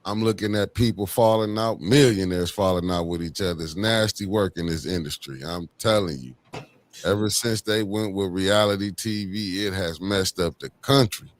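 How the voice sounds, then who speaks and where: A deep-voiced man hosts a casual livestream chat. He talks in loose slang and greets his viewers one by one by name. His tone stays low and easygoing. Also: moderate pace. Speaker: livestream host.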